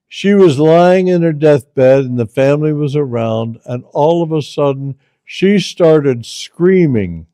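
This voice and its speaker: Slow, deliberate male storyteller. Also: medium pitch, warm tone, no room sound. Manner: slow, deliberate, repeats phrases for emphasis. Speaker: storyteller host. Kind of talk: casual spoken storytelling.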